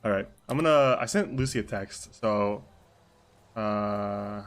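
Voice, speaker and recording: A man's voice: mid-range voice, normal speed. Young man streamer, casual and joking. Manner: loose, joking, swears freely, laughs often. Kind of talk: casual live-stream chat during game role-play.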